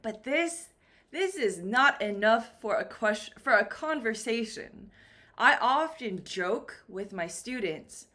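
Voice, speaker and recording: A woman teaching English to beginners, speaking slowly and clearly with exaggerated intonation. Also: a little high, lively intonation, pushed and bright. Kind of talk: slow beginner ESL lesson.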